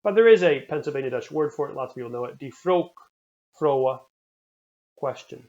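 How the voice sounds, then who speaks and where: A man with a mid-range, slightly mellow voice and lively intonation leads a recorded language lesson. He drills pronunciation, sounding out each word slowly and carefully before repeating it for the learner. The recording is a bit dull and lo-fi.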